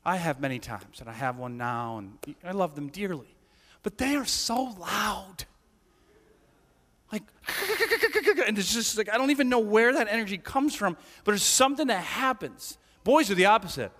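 A man preaching a sermon in a relaxed, chatty way, often checking in with "right?" His voice sits high and swings widely in pitch, and it carries through a big sanctuary with a long hall reverb. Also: normal speed. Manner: conversational, animated, asks rhetorical questions. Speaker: pastor.

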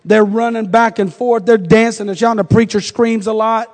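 A male preacher with a strikingly high voice tells his story from the pulpit, casual and chatty, slipping in jokes as he goes. His words ring out through a church with a long, lingering reverb. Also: fairly even intonation, normal speed, few pauses, a little mellow. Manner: conversational storytelling with humorous asides. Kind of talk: sermon. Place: church sanctuary.

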